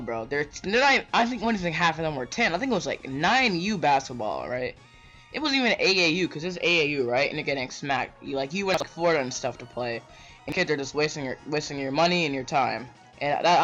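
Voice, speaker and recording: A male vlogger rants casually and rambles to the camera, ending his sentences with "bro" and "right?". His voice is fairly high, a bit bright and animated, and he talks fast over a dull lo-fi mic with faint music.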